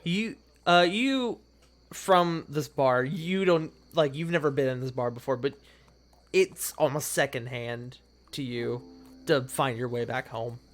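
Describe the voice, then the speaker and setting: A man's voice: mid-range voice, unhurried. Man rambling through tabletop narration. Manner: loose, rambling narration with restarts. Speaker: game master.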